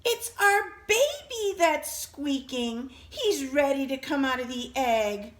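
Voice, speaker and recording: A woman's voice: high voice, lively intonation, takes it slowly, a bit bright, voice pushed up, exaggerated voice. A woman voicing a cheerful, confident father bird in a read-aloud storybook, firm and reassuring.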